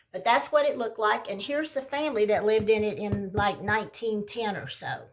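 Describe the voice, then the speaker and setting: An older woman from Texas giving a chatty, homey tour of her house and showing a recipe in her kitchen. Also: on the high side. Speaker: home cook and host. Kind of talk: casual home tour and cooking demo. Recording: roomy sound from off-mic.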